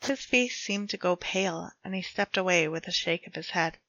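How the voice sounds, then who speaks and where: Bright-voiced woman reading dark fiction. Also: fairly low pitch, normal speed, lo-fi sound. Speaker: storyteller. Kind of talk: reading her own dark fiction aloud.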